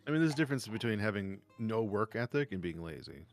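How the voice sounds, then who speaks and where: A man co-hosting a podcast, telling stories in a casual, profane, animated way. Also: fairly low pitch, fast talker, faint music behind. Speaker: podcast co-host. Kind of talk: casual storytelling chat.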